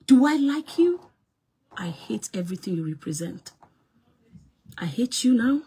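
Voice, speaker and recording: A Nigerian woman, an actress and producer, scolding someone loudly on a live stream and mixing in Pidgin English. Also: big pitch swings, a little slow, husky. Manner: loud and scolding, mixing Pidgin English, big swings in pitch and volume.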